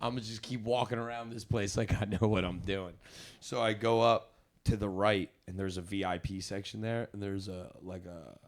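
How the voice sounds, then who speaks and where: A man's voice: fairly low pitch, steady tone, normal speed. A young man co-hosting a podcast, telling a rambling, profane party story, often laughing mid-sentence and acting out what others said. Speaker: podcast co-host. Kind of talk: casual storytelling chat.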